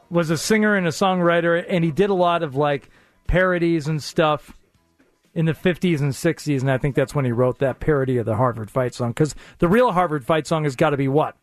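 A man's voice: a little high, no echo. A man on a sports radio show who explains things thoughtfully in a casual chat and hedges as he goes. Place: radio studio.

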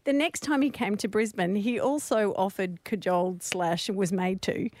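A woman's voice: medium pitch, steady tone, normal speed, crowd noise. A woman co-hosting a breakfast radio show, telling a candid personal story about a guest's visit. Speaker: radio co-host.

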